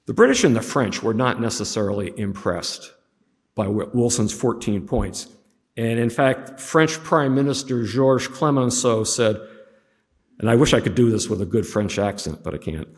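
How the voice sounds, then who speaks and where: Man, history teacher, classroom lecture, casual with wry asides, middle pitch, echoing hall. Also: lively intonation, normal speed. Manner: conversational with humorous asides.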